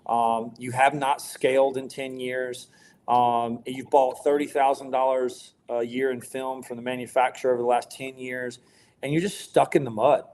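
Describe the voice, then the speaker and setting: A man's voice: medium pitch, darkish tone. A man talking as a podcast guest about his business, blunt and emphatic, swearing freely. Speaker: guest, window tint business owner. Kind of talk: casual podcast interview.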